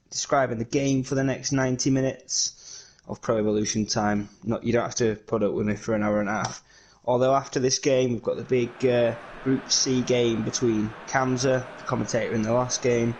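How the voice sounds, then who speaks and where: A man from England, commentating solo on a video game football match in lively play-by-play that is full of fillers. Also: medium pitch, husky, poor audio.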